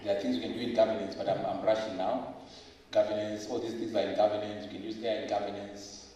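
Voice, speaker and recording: A middle-aged man giving a lively speech at a book launch, firing rhetorical questions, joking and hammering points through repetition. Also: on the low side, fast. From Zimbabwe. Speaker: professor and author at a book launch. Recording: echoey hall, voice from far off.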